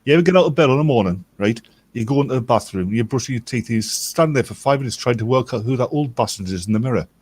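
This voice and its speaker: A man's voice: mid-range voice, animated, fast, darkish tone, slightly rough, no room sound. A man in his fifties hosting a casual livestream, telling jokey anecdotes. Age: 50s. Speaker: host.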